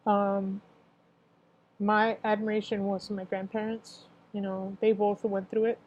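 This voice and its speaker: A woman's voice: mid-range voice, flat delivery, a little slow, dull audio. A young woman in her twenties telling her own story in a casual, rambling way, full of filler phrases and emotional at times. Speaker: cancer survivor sharing her story. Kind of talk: casual personal testimony.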